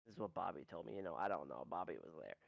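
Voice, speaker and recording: A man narrating as game master in a rambling, animated way. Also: low-pitched, very fast, gravelly, no room sound, muffled recording. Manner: rambling, animated storytelling with restarts.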